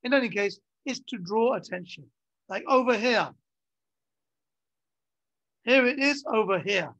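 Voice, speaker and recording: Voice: mid-range voice, lively intonation, measured pace, gravelly, a bit bright, dry recording, dull audio. A teacher giving a classroom Arabic grammar lesson in English. The teacher repeats key terms and checks understanding with short questions.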